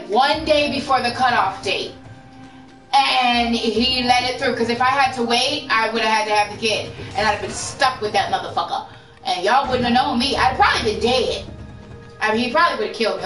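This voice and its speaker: Woman streamer, frank and candid, cursing casually, fairly high bright voice, distant mic in a roomy space. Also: fairly quick. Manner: candid, frank, swears freely. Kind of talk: casual storytelling to a live chat. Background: faint music.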